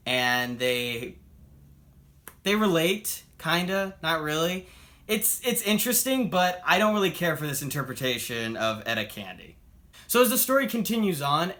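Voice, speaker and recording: A man with a fairly high, pushed, bright voice delivers a chatty, upbeat comic book review in a casual spoken style. As he retells the story, he plays out the characters' lines.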